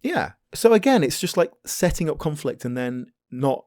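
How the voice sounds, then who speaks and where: A man co-hosting a casual podcast, animated and fond of acting out little quotes. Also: fairly high pitch, normal speed, no room sound, studio quality. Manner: animated, acts out quotes in voices. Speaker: podcast co-host. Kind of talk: casual chat.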